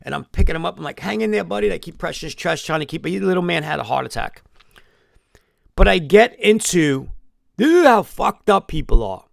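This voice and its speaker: A man's voice: fairly high pitch, expressive, a little fast, creaky, no echo, studio quality. A man telling a long emotional story in a rambling live-stream monologue, swearing often.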